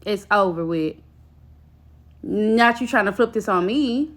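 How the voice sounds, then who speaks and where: A young woman telling a personal story in casual storytime style, blunt and expressive, swearing freely. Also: medium pitch, measured pace.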